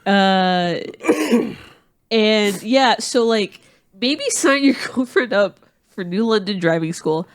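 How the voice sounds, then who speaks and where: A man's voice: high-pitched, animated, takes it slowly. A man from Atlanta co-hosting a podcast, telling a long story in casual chat with lots of fillers and restarts. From Atlanta, USA. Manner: rambling storyteller with many fillers. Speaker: podcast co-host.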